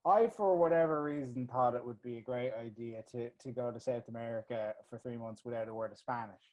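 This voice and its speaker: A man's voice: mid-range voice, fairly quick, darkish tone. A young Irish man tells a chatty, self-mocking travel anecdote full of fillers and restarts. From Ireland. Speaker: guest storyteller. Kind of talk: casual spoken anecdote. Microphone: video call. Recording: dull lo-fi video call audio.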